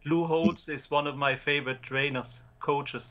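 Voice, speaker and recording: A man with a German accent calling in to a sports talk show, speaking hesitantly with many pauses. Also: a little high, steady tone, lo-fi sound. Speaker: caller.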